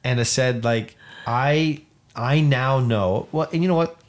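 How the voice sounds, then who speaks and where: Speaking at medium pitch and an unhurried pace, this podcast co-host is a man in his thirties from Canada. He rambles earnestly through a personal story during casual conversation, with many restarts along the way.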